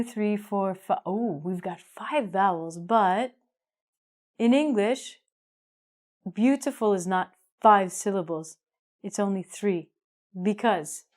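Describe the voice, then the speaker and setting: Upbeat and emphatic, a woman teaches an English grammar lesson, slowing down to stress key words. Her voice is medium-pitched and a little mellow.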